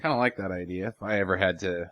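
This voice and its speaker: A man's voice: deep voice, fast talker, no echo. A man co-hosting a casual movie podcast, retelling the plot with jokes and laughs. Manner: jokey, lively storytelling with laughs. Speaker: podcast co-host. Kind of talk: casual movie review chat.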